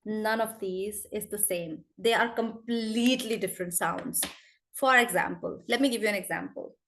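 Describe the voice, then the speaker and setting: A young woman with an Indian accent teaching an online spoken English class, lively, switching into Hindi and calling on students by name. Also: mid-range voice, normal speed.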